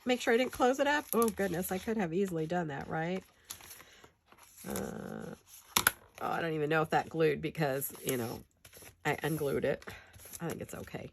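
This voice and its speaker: Stuffy-nosed crafter lady w a cold, lowish voice, rambly and laughing at herself in her home studio. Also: normal speed, slight background noise. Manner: chatty, rambling and self-deprecating. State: stuffed-up nose from a head cold. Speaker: paper-craft vlogger. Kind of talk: casual crafting tutorial.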